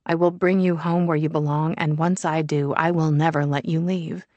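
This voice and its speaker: Woman narrator doing a creepy possessive guy, slow and low, dry studio sound. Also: little pitch movement, breathy edge, no room sound, lo-fi sound. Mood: menacing. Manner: slow, low, cold menace. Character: menacing possessive man, obsessive ex. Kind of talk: audiobook character voice.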